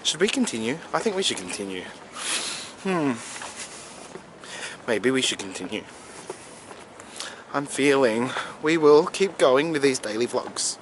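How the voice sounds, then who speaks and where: A chatty young man vlogging, gushing and excitable, with a voice pitched in the middle range. Clear noise runs behind him the whole time. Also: measured pace, pauses often. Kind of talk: casual vlog chat. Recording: noisy background.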